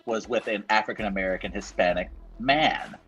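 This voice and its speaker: Low-voiced man with a mock-serious bit. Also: fairly quick, highs cut off, music in the background. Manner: mock-serious, rants in a running gag. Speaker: podcast co-host. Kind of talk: deadpan comedy bit.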